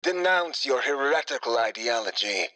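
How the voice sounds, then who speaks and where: A man voicing a calm, squeaky male interrogator in an audio story, talking in a slow, clipped official tone. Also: rough recording. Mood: cold, calm. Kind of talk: audiobook character voice.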